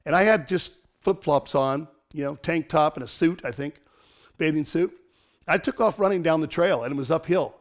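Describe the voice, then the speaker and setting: A middle-aged man preaches an online sermon with a lively, joking manner, and he laughs between lines. His voice sits fairly high for a man. He throws himself into dramatic storytelling. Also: normal speed. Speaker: pastor.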